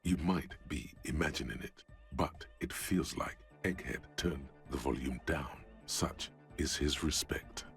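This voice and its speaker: A man narrating a video game in a gravelly, measured, dryly wry voice. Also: very deep voice, fairly bright tone, soft background music, exaggerated voice.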